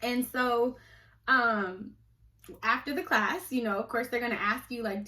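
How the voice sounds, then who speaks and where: A young woman vlogging in a loose, conversational way, her voice sitting on the higher side. She talks with feeling and pushes into heated indignation when something strikes her as wrong. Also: steady tone, measured pace, pushed and bright, low-quality recording. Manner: conversational and passionate, rising to indignant outbursts. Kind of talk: casual opinion vlog.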